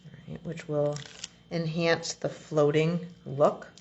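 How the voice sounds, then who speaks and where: Slow low-voiced woman, gravelly crafting tutorial. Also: muffled recording, a little hiss or hum. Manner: relaxed, chatty step-by-step explaining. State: has the hiccups. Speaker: card-making demonstrator.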